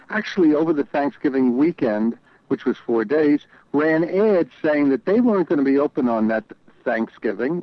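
A man's voice: fairly high pitch, no room sound. A wry, opinionated man with a New York accent chats on a talk radio show. His voice comes through a slightly dull, lo-fi line. The sound is dry and close. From New York City. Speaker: regular radio guest commentator.

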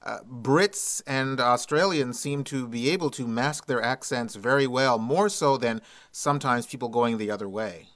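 Man, Canadian accent, radio host, polished announcer delivery, crisp voice. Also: medium pitch, normal speed, hardly any pauses, fairly bright tone. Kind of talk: radio interview.

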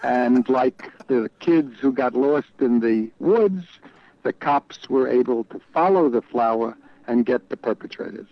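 Radio regular, man, New York accent, wry and opinionated, mid-pitched, dull lo-fi line. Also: a little slow, no room sound. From New York City. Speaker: regular radio guest commentator. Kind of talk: radio talk show chat.

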